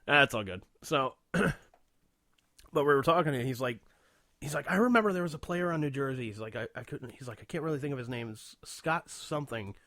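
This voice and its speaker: A man's voice: medium pitch, lively intonation, brisk, no room sound, studio quality. A man co-hosting a radio podcast, telling a story in casual chat with frequent laughs and swearing. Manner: laughing storyteller, swears often, puts on loud impressions. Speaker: podcast co-host.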